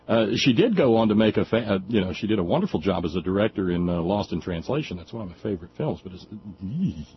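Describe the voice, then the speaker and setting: A man's voice: fairly low pitch, big pitch swings, quick pace, few pauses. A man hosting a radio call-in show, talking casually about politics, laughing often and stumbling over restarts. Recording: dull lo-fi radio sound, faint hum.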